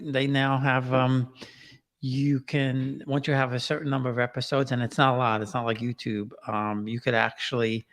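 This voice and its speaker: A man as a podcast guest in casual chat, relaxed and easygoing, with many pauses and fillers. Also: medium pitch, in a large hall.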